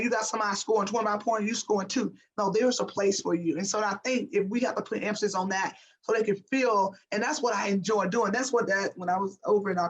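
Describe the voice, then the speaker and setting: A woman's voice: mid-range voice, poor audio. A woman guest speaking as a basketball coach, emphatic and motivational, repeating phrases for effect. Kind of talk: motivational interview talk.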